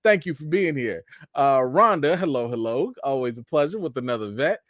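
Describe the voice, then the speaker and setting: A man hosting a live stream with three young daughters, talking in a relaxed, chatty way and greeting viewers one by one, in a casual voice. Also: medium pitch, normal speed, no echo. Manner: laid-back, chatty, greets viewers by name.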